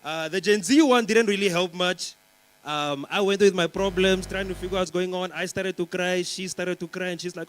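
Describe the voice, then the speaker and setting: A young man working a stand-up set on a conference stage, his voice sitting a little high for a man. He rambles along with plenty of "um" and "you know," teasing the audience between jokes. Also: fairly even intonation, normal speed, poor audio. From Namibia. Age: young adult. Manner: chatty, rambling, teasing the crowd with lots of fillers. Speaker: stand-up comedian.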